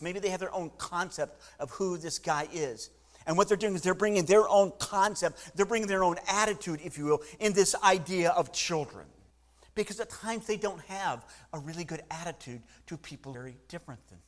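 A man delivering a sermon with a somewhat high voice. He preaches in an animated way, repeats words as he restarts his thoughts, and puts on the voices of people in the story as he tells it. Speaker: pastor.

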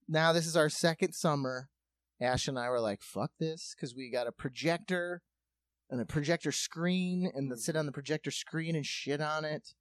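A man's voice: on the high side, moderate pace, no room sound. A man telling a long story in casual comedic chat, swearing freely and acting out what others said. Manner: profane, animated, acts out quotes.

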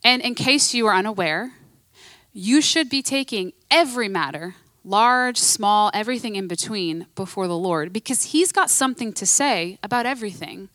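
A woman's voice: medium pitch, lively intonation, normal speed, a bit bright, no echo. A woman preaching a sermon in a conversational, emphatic way, repeating her key phrases.

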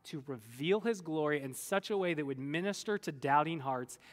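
A man preaching a sermon, retelling Bible stories in a lively, conversational way and briefly acting out the people in them. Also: a little high, normal speed, in a large hall. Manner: animated storyteller, acts out voices of biblical figures. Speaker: pastor.

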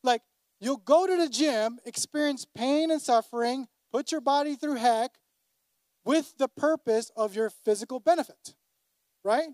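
A man's voice: very high-pitched, a little slow, a little mellow, no echo. A man preaching a sermon to a congregation, emphatic, repeating his key phrases. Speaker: pastor.

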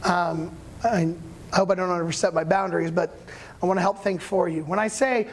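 Lively conversational male pastor. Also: high voice, brisk, slight background noise. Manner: lively conversational storytelling, sudden loud bursts. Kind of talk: sermon.

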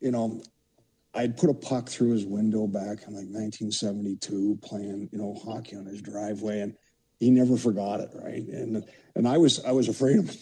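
A low-voiced man in his sixties from Canada tells long, rambling stories as a podcast guest. His tone is dark and mellow, with a husky grain, and he fills his sentences with "you know". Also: fairly even intonation, moderate pace, poor audio. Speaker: podcast guest, former hockey player. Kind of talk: casual storytelling.

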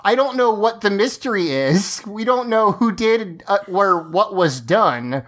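A woman's voice: medium pitch, expressive, a little slow. A woman co-hosting a podcast, casually recapping an episode, chatty and often laughing. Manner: chatty, laughs often, restarts lines while explaining. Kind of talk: casual chat.

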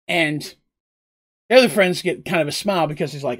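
A man casually retelling a tabletop game story on a live stream, chatty and animated, with asides to his chat. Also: sits high, fairly quick, slightly rough.

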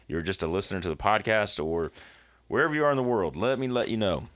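A man with a very low, deep voice talks with a co-host on a church podcast. He is earnest, warms into animated stretches and laughs easily. The sound is dry and close, with no room around it. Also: quick pace, no echo. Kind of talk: casual conversational podcast.

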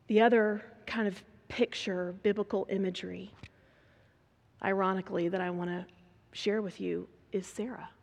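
A woman preaching a sermon, dramatic and swinging between hushed whispers and loud emphasis. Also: mid-range voice, steady tone, moderate pace, vocal fry. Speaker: speaker preaching to a women's gathering. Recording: long reverb of a large hall.

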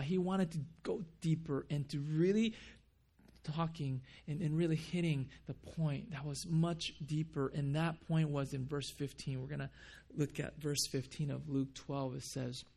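A man's voice: fairly high pitch, creaky, a little mellow. A man preaching a sermon as pastor in a church, earnest, asking the congregation questions and repeating words for emphasis. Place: church building.

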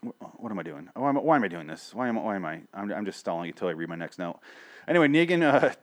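A man's voice: fairly low pitch, very animated, quick pace. A man hosting a casual TV review show, rambling and swearing, often stopping mid-sentence to restart. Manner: rambling, profane, self-interrupting. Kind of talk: casual solo review chat.

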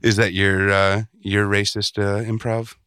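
A man with a very deep voice co-hosts a podcast in casual chat. He sounds laid-back and quick to laugh, tossing in wisecracks. The recording is close and dry. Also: little pitch movement, a bit bright, smooth, no room sound. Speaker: podcast co-host.

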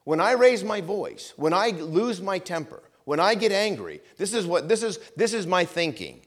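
A man preaching a sermon, repeating phrases for emphasis and swinging between loud emphatic lines and quiet asides. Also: high-pitched, big pitch swings, moderate pace. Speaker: pastor.

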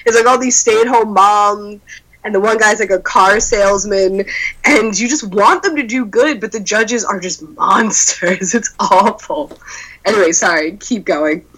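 A young woman in casual chat, telling stories with lively quoted voices. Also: mid-range voice, unhurried, poor audio. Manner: animated storyteller acting out quotes.

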